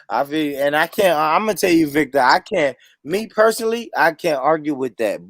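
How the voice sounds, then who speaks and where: A podcast host with a slightly high voice runs a heated, casual debate in a dry space with no room sound. He's emphatic and repeats himself, often cutting in and swearing.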